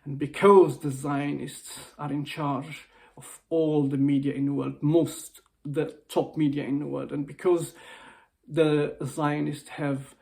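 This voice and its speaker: Speaking slowly in a flat, creaky, darkish voice that's a little high, a male motivational speaker records an emotional personal video message. He's upset and near tears, pleading, repeating himself and restarting what he says.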